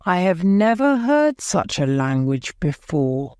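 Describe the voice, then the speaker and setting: A woman's voice: lowish voice, very animated, slow, darkish tone, clean tone, no echo, clean studio sound. A woman voicing a busy male station master in an audiobook, speaking firmly.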